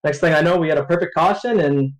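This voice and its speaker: Male driver, relaxed and chatty, slightly high voice, laughs a lot. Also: fast talker, low-quality recording. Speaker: race driver. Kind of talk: post-race interview.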